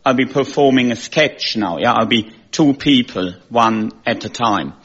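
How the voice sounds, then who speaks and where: A man doing deadpan, self-mocking comedy on a panel show. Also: mid-range voice, measured pace, dull audio. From Germany. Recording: radio recording with loud audience laughter.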